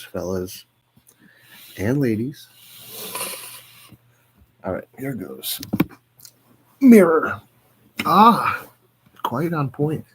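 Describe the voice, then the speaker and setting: A man's voice: fairly low pitch, husky. A man on a solo stream, reading poems aloud with wry, self-mocking asides that sometimes drop to near-whispers.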